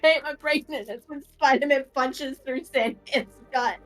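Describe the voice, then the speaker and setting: A woman playing a casual tabletop game, animated and swearing freely as she chats and narrates her character. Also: high voice, moderate pace. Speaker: player.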